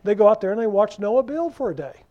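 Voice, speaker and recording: A man's voice: high voice, animated, fast talker. A male pastor preaching a sermon, talking conversationally and asking the congregation questions. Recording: dull lo-fi sound.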